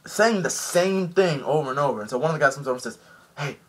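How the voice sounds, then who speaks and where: Animated husky guy recapping an anime. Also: on the high side, quick pace. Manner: animated, rambling with many fillers. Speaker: anime reviewer. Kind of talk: casual episode recap and review.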